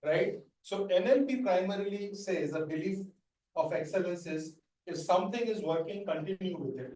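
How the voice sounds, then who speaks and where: A man's voice: high-pitched, a little mellow, slight background noise. A man teaching an NLP class, explaining step by step and checking in with "right?" often. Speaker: NLP trainer. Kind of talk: classroom lecture. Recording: echoey room, mic at a distance.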